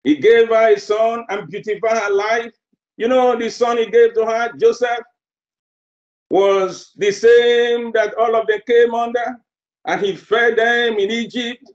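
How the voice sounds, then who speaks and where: Preacher, male, very high voice, slow deliberate sermon delivery, roomy muffled recording. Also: steady tone. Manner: emphatic, repeats phrases for effect.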